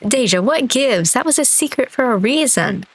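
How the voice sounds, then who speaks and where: A mischievous young friend with a flair for theatrics, all exaggerated panache and raised, squeaky outrage, as a woman reads them out. The voice jumps up high when wronged and stretches words out pleadingly. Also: lively intonation, slow pace, low-quality recording. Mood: outraged.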